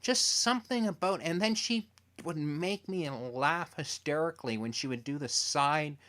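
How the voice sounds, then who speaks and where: A man interviewing a TV creator as a fan, telling stories in an animated way and acting out quotes. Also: on the high side, normal speed. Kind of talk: casual interview chat.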